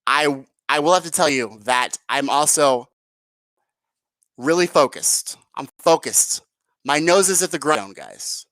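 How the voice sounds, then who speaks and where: A man's voice: a little high, lively intonation, a little slow, a bit bright, no echo. A man hosting a rambling political commentary stream, sarcastic and profane.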